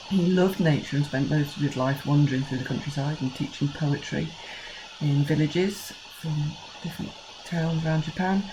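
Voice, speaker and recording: English primary teacher, low voice, patient and clear, faint hiss behind. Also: female voice. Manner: slow, clear counting of syllables for children. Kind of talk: recorded screencast lesson.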